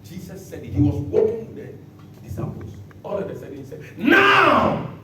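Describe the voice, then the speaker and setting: A man preaching a sermon as pastor, bursting into shouts and acting out the words he quotes. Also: on the high side, fast, heavy background noise. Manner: animated preaching with sudden shouts and dramatic quotes. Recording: echoey hall from far off.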